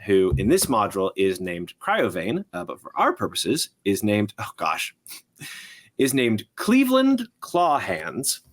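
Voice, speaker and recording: A man running a tabletop game as game master, upbeat and quick to laugh. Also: on the low side, a bit bright.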